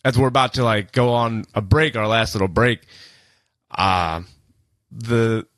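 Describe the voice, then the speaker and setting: A man's voice: on the low side, steady tone, measured pace, fairly bright tone, no room sound. A man, co-hosting a podcast and telling a long, rambling story with a lot of swearing. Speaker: podcast co-host. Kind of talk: casual chat.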